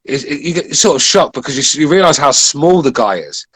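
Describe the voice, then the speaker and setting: A man's voice: a little high, expressive, brisk, a bit bright, breathy edge, no room sound. A middle-aged British man co-hosting a podcast in casual chat, often swearing and restarting his words. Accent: British English. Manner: stammering restarts, frequent swearing. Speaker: podcast co-host.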